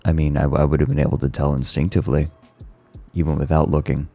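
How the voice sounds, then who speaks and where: A man's voice: rumbling low, level tone, fast talker, gravelly, mellow, lo-fi sound, faint music behind. A male streamer chatting casually and sounding tired, rambling and stumbling over his words. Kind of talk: casual chat.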